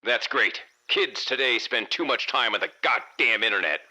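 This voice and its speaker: An actor playing a gruff, bigoted older man speaking over a ham radio, with a raspy voice and a low, menacing manner. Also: moderate pace, rough recording. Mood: ranting. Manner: low, menacing, rising with excitement. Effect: heard over a radio.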